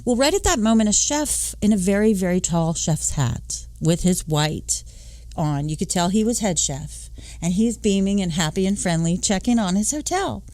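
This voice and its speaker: A woman in her late fifties, a podcast host from the Philadelphia and New York area, telling a personal story in an animated way. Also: moderate pace, no echo. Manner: animated, acting out dialogue with big pitch swings.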